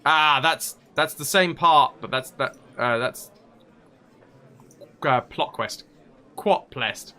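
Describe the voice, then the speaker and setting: A man's voice: a little high, takes it slowly, pauses often, pushed and bright, clear, resonant tone. A man streaming a role-playing game, reading quest text aloud and joking with his chat in a casual, laughing way. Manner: joking, chatty, laughs often.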